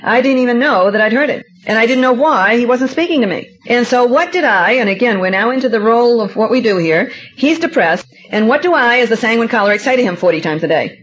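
A middle-aged woman giving a seminar talk, telling personal stories in an animated, self-mocking and emphatic way. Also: on the high side, fast, hardly any pauses. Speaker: seminar speaker. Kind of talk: lecture with personal anecdotes. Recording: dull lo-fi recording.

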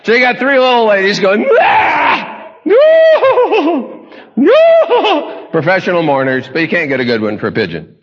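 Joking, folksy preacher in a large hall. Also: male voice, a little high, animated, quick pace, dull audio, slight background noise. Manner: joking, folksy, storytelling, chuckling asides. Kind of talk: humorous sermon storytelling.

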